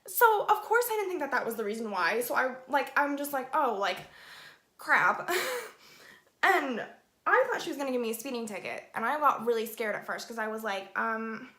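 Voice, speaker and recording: A young woman telling a story in a chatty, animated way, saying "like" often, while doing her makeup for a beauty vlog. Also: fairly high pitch, brisk. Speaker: beauty vlogger. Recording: echoey room.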